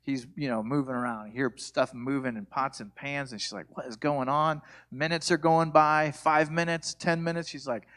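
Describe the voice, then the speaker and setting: A man's voice: medium pitch, fairly even intonation, normal speed, few pauses, fairly bright tone. A man leading a church couples workshop, talking casually with jokes, stories and frequent fillers. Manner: conversational, self-deprecating, many fillers.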